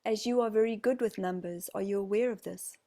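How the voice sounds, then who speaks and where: A woman with a New Zealand accent leading a channeled group session, speaking slowly and formally as "we". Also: medium pitch. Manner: slow, soft, formal speech speaking as "we".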